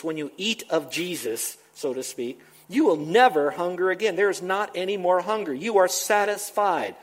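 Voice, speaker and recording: An older male pastor delivers a sermon in a fairly high voice. He preaches emphatically, repeating words over and over and lifting his voice on key points. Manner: emphatic, repetitive preaching with rising exclamations.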